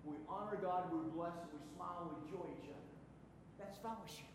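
A man preaching a sermon as pastor, emphatic, swinging from soft asides to loud stressed phrases. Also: high-pitched, moderate pace. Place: church sanctuary. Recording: echoey hall with faint room noise.

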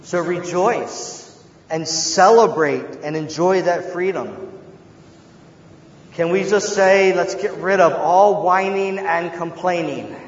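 A man preaching a sermon as a pastor, earnest, moving between hushed tones and loud emphasis. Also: high-pitched, takes it slowly. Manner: earnest, shifts from hushed to shouting. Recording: echoey hall, dull and slightly noisy.

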